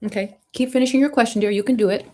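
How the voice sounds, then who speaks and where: Speaking fast in a high-leaning voice, a woman hosts a live-stream Q&A for artists. Her coaching is emphatic and direct, and she is warmly encouraging toward the person asking.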